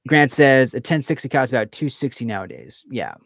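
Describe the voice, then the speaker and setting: A man's voice: medium pitch, lively intonation, a little fast, no echo, studio quality. A man hosting a casual live stream, reading out viewer comments and chatting in a rambling way, full of fillers and restarts.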